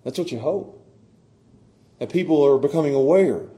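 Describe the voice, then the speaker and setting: Middle-aged man as preacher; slightly high voice, swings between soft intimacy and fervent emphasis. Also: lively intonation, normal speed. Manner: swings from hushed to loud and impassioned, with repeated stammered restarts. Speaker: pastor. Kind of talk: sermon.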